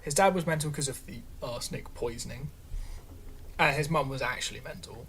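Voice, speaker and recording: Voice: medium pitch, a little fast, fairly bright tone, slight background noise. A podcast co-host chatting casually, rambling with lots of "like" fillers. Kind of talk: casual chat.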